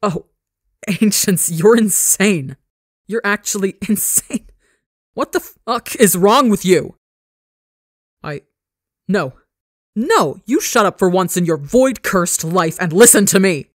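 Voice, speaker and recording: A woman voicing a furious, scarred young man who yells and snarls, swearing, in a read-aloud story. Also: low-pitched, normal speed, no room sound, clean studio sound, lightly acted. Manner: yelling, snarling, profane.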